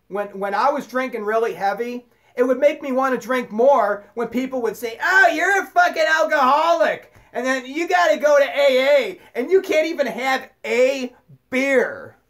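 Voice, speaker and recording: A man in an angry unscripted monologue, swearing constantly and stumbling over repeated words as he rants. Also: extremely high pitch. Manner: profane, stammering ranting. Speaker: vlogger.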